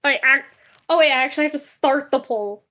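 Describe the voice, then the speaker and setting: Young woman, high voice, casual livestream chat, rambling, giggly. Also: fast talker, bright, forceful tone. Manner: rambling and chatty, laughs often.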